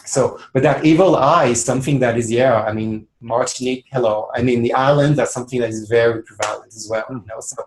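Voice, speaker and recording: A man's voice: medium pitch, fairly even intonation, fast talker, hardly any pauses, low-quality recording. A man co-hosting a spiritual webinar, talking reflectively with many fillers and repeated phrases. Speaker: webinar co-host. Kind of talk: casual spiritual discussion.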